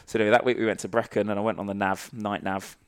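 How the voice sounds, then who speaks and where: A man's voice: lowish voice, little pitch movement, racing, smooth, dry recording, studio quality. A man, a former army sniper, telling sweary, rambling anecdotes as a guest in a casual podcast interview. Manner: salty, sweary anecdotal storytelling.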